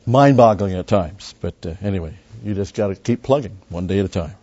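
A man's voice: low-pitched, expressive, brisk, dark tone. A man teaching through a Bible passage verse by verse, conversational and full of asides, pressing hard on key words. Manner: conversational, with frequent asides and restarts. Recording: dull lo-fi recording.

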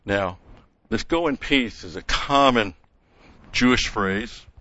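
A man teaching a verse-by-verse Bible lesson, methodical, explaining grammar and pausing with "okay?" and "uh". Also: on the low side, animated, pushed and bright, dry recording, lo-fi sound.

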